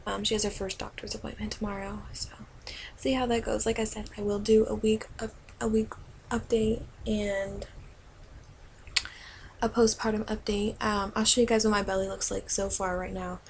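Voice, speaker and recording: A young woman talking casually to her camera as a new mother, soft and rambling with many pauses and restarts. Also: mid-range voice, flat delivery, a little hiss or hum, low-quality recording. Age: young adult.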